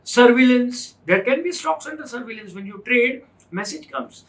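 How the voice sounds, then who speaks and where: A man's voice: very high-pitched, lively intonation, moderate pace, a bit bright, rough recording. A man with an Indian English accent teaching a finance class, stressing points with repetition and rhetorical questions. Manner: emphatic, repeats points, asks rhetorical questions. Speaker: finance instructor. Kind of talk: classroom lecture.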